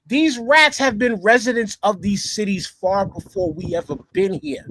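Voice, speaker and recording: A man's voice: high-pitched, lively intonation, moderate pace, a bit bright. A man co-hosting a podcast in casual chat, emphatic and cursing freely, who repeats his points. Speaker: podcast co-host.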